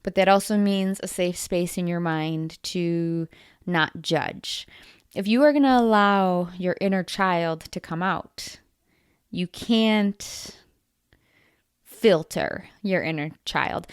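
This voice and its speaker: Slow, deliberate woman podcast host. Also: medium pitch, clean tone, no room sound, studio quality. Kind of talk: solo self-help podcast talk.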